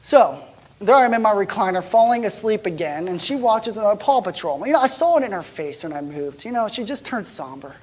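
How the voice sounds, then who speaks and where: A male pastor recounts a personal story during his sermon, chatting casually, restarting often, and frequently sinking to a near whisper. His voice sits high, expressive and fairly quick.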